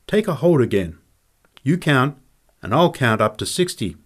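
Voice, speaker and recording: A man's voice: mid-range voice, sing-song, normal speed, breathy edge. A man voicing a little former prize fighter who is odd and insistent, in a storybook reading. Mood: eager.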